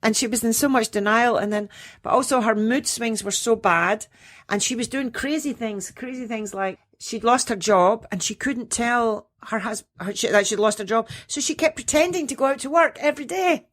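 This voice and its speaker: Animated middle-aged woman telling stories. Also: fairly high pitch, normal speed. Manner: animated storyteller who acts out quotes and laughs often. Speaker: menopause coach, guest. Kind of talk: casual interview chat.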